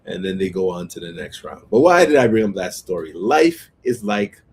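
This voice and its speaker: Male radio host, low-pitched voice, upbeat motivational delivery with frequent rhetorical questions. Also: moderate pace, hardly any pauses, breathy edge. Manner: energetic, repeats "right?" and calls on listeners to repeat words. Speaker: radio talk show host. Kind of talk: motivational talk radio monologue.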